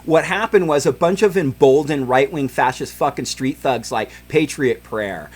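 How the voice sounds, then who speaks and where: A man's voice: mid-range voice, moderate pace, breathy edge. A man in his forties hosting a podcast, ranting in heated, profane political commentary with many fillers. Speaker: podcast host.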